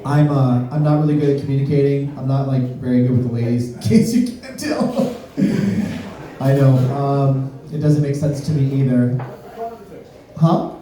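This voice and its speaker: A man from Miami doing a stand-up comedy set, deadpan, breaking into sudden high-pitched voices when he acts out quotes. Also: moderate pace. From Miami, USA. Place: comedy club stage. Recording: roomy club sound from a distance. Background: audience laughter.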